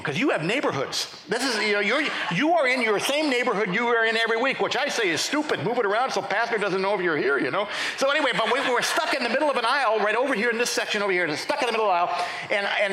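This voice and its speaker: A middle-aged male pastor telling his testimony in a lively sermon, often restarting his sentences. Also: high voice. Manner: animated storytelling with repeated restarts. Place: large church sanctuary. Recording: echoey church hall.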